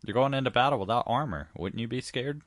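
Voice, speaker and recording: A man's voice: medium pitch, expressive, fast talker, no echo. A man in his forties co-hosting a podcast in casual chat, rambling loosely with lots of filler words. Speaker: podcast co-host.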